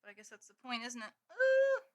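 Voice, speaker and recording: A woman with a high voice that swings widely in pitch talks fairly quickly, chatting casually on a live stream from a room at home with a green screen. She giggles and swears now and then while snacking.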